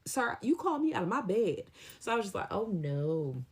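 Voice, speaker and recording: A young adult woman casually telling a storytime tale, in an animated, slangy way with lively acted-out quotes. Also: medium pitch, normal speed, breathy edge. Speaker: storytime vlogger.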